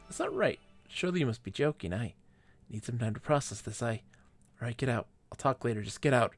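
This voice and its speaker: A man voicing a shocked, grieving woman in a space game, raising his pitch to read her lines. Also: expressive, brisk, faint music behind. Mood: upset. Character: shocked grieving woman receiving bad news.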